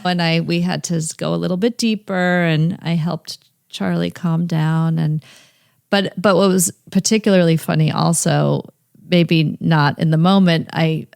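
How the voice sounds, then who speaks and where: Gravelly low woman podcast host. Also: darkish tone, dry recording, clean studio sound. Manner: conversational, laughs easily. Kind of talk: casual podcast chat.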